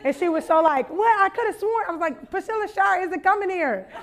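High-voiced woman preaching with stories. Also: fairly quick, slight background noise. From Louisiana. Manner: animated, laughing, acts out voices in anecdotes. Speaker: conference speaker. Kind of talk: storytelling sermon.

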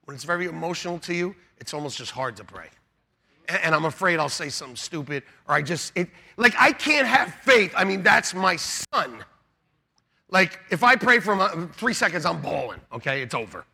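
A middle-aged man, a pastor, preaching a sermon with animated storytelling, laughing and shouting out quotes. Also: on the high side, vocal fry, breathy edge.

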